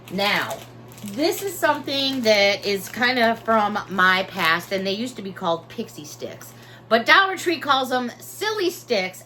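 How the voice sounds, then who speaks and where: A talkative woman showing off her shopping haul, openly emotional and excited about each find. Her voice is bright and forceful and sits a little high. Faint background noise hums under the recording. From Hudson Valley region of New York. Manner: chatty, emotional, bubbly with product enthusiasm. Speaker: haul vlogger. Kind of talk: casual haul vlog chat.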